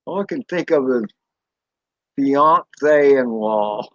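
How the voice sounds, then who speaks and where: He's animated here, his voice fairly bright with no room sound, though the dry, close recording still has a slightly dull, lo-fi quality. The Southern drone channel host takes his time chatting with live-stream viewers, folksy and rambling, with drawn-out fillers and mild cursing.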